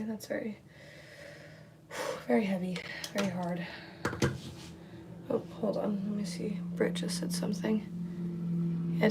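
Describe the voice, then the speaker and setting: Young female streamer, casual and rambling, creaky mid-pitched voice, faint room noise behind. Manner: rambling, repeats words, reads viewer comments aloud. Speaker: livestreamer. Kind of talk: casual livestream chat. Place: at home indoors, near a window.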